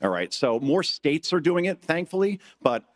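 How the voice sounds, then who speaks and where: His voice is on the high side and sing-song, at a moderate pace, as this middle-aged man gives a live conference speech. He's a joking storyteller who voices quotes in different characters from the stage.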